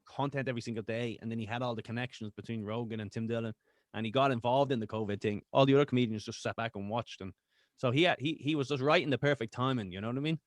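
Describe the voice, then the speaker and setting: A man's voice: medium pitch, fast talker, dry recording, clean studio sound. An Irish man, a podcast guest, chatting casually and profanely over a video call, laughing often. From Ireland.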